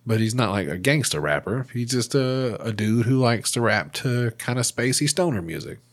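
A man's voice: medium pitch, animated, normal speed. A man hosting a podcast in a casual monologue, joking and swearing freely. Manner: profane and joking. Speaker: podcast host.

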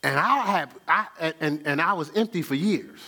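A pastor delivers his sermon in a folksy, conversational style, his voice climbing high to stress points and dropping low for asides, full of chuckles and repeated words. He's animated, with a moderate pace and a pushed, bright sound.

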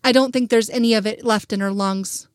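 A woman's voice: on the high side, fairly even intonation, fairly quick, no room sound, studio quality, lightly acted. A woman voicing a tense male federal agent giving urgent, curt commands in an audio fanfic reading.

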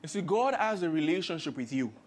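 High-voiced man preaching. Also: big pitch swings, a little fast. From Nigeria. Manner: storytelling, acts out quoted voices with rising emphasis. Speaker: pastor. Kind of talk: sermon.

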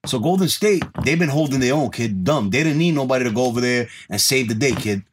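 A man co-hosting a podcast in casual chat, loud and profane, slipping Spanish slang into his talk. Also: medium pitch, lively intonation, fast talker, slight background noise. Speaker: podcast co-host.

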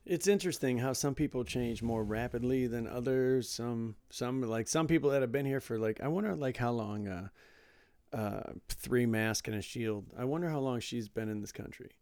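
A man's voice: mid-range voice, moderate pace, darkish tone, no room sound. A man from the American Midwest chatting casually, thinking aloud with many restarts. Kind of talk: casual chat.

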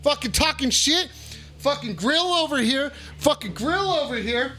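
A man hosting a call-in livestream, swearing a lot and shouting the same catchphrase over and over. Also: very high-pitched, lively intonation, moderate pace, faint music behind. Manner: rowdy, swearing, repeats his shouted catchphrase. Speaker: call-in stream host. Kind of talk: profane casual livestream banter.

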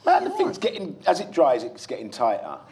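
A man, an actor telling stories on a panel in an animated way, with an audience in the room. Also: medium pitch. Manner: animated, slow storyteller. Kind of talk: panel talk. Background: live audience.

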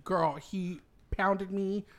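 A man's voice: high voice, fairly even intonation, drawn-out words, fairly bright tone. Campy man telling a laughing story. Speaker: podcast host. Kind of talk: casual storytelling chat.

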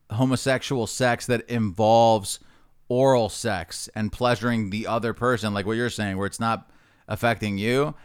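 A man's voice: on the low side, a bit bright, clear, resonant tone, dry recording, studio quality. A young man joking crudely in loose podcast chat. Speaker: podcast co-host. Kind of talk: casual chat.

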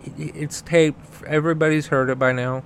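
A man's voice: a little high, flat delivery, normal speed, a little hiss or hum. A man hosting a podcast, delivering an angry, profane political rant, with a stutter that makes him repeat sounds and words. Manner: profane and heated, repeats words while getting started. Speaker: podcast host.

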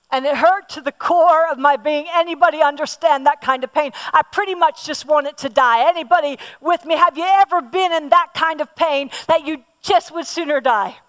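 A woman's voice: sits high, a bit bright. A woman preaching a sermon, speaking with emphasis, repeating words and asking her listeners questions. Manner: personal, emphatic, asks the audience questions.

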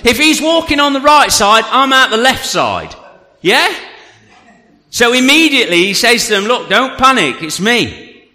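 A man preaching in a church, his fairly high, bright voice ringing through a large hall with a long reverb. He moves from lively, loud storytelling to a hushed, earnest plea. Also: a little slow. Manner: animated and loud in storytelling, dropping to a quiet, earnest hush for the appeal. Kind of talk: sermon.

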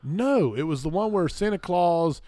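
A man in casual podcast chat, relaxed and unhurried. He hesitates and restarts often. His pitch moves around a lot as he talks. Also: no room sound, clean studio sound. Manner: laid-back, hesitant, halting. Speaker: podcast co-host.

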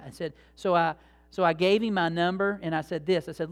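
A man's voice: on the high side, fairly even intonation, brisk. A man preaching a sermon as pastor, in a conversational, folksy way with many fillers and restarts.

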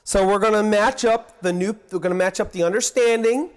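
High-voiced preacher, earnest. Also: male voice, brisk, clean tone. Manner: earnest, swings between hushed and excited emphasis. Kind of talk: sermon.

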